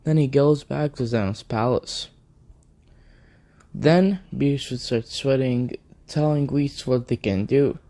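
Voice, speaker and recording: A man tells an improvised fan story in a rambling way, chaining event after event. His delivery is slow and unhurried. His voice has a mellow, darkish warmth. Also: mid-range voice. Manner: rambling, strings events together with "then". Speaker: video narrator.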